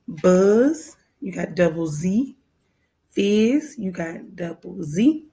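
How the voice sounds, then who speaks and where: A woman's voice: fairly low pitch, expressive, slow pace, dark tone. A woman first grade teacher with a Southern American accent, patiently walking young children through a phonics lesson and repeating her instructions.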